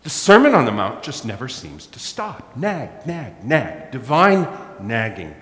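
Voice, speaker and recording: A middle-aged pastor preaching a sermon, telling a self-mocking story. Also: male voice, mid-range voice, wildly swooping pitch, normal speed, a bit bright. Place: church. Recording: echoey church hall.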